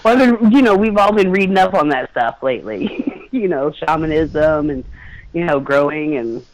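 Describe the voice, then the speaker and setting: A woman's voice: low voice, animated, poor audio. A woman calling in to a spiritual talk show, laughing often and asking to clarify points. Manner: quick to laugh, seeks clarification. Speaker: caller. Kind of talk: phone-in conversation.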